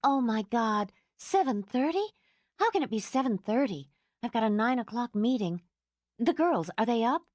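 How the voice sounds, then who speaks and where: A woman voicing an exhausted, gentle young mother who speaks in a calm, earnest way. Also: a little high, normal speed, no room sound, clean studio sound, voice pushed up. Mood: hurried.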